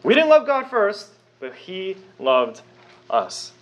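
Young male pastor preaching, higher voice with a lively, swooping delivery, conversational and emphatic. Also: takes it slowly. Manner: emphatic, rhetorical questions, conversational asides. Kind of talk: sermon.

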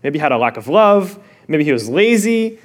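Animated, high-voiced male pastor preaching. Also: normal speed. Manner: expressive, swings from loud to hushed; addresses the listeners directly with questions. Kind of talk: sermon.

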